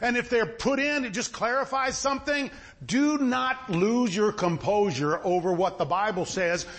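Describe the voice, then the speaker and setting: A man's voice: high voice, normal speed, fairly bright tone. A man preaching a sermon in a folksy style, asking his listeners questions again and again. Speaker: pastor.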